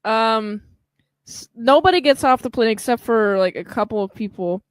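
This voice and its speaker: A woman co-hosting a podcast, chatting casually about a film and acting out the characters' lines in quick voices. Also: a little high, no room sound. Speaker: podcast co-host. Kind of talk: casual chat recapping a film.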